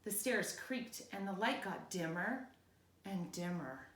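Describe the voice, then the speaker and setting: Bright, lively woman teacher reading aloud. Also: medium pitch, slow. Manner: playful, checks in with listeners. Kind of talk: reading a picture book aloud to children. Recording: roomy echo.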